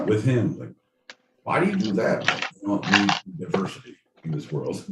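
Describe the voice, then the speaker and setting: A man co-hosting a podcast, riffing in crude, rambling, mock-indignant banter. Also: lowish voice. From Southern California. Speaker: podcast co-host. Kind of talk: casual comedic banter. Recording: roomy, distant mic with faint noise.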